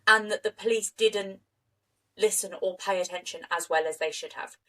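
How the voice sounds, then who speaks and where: A woman co-hosting a podcast, telling a true crime story in an animated, indignant way. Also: mid-range voice, normal speed, poor audio. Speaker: podcast co-host.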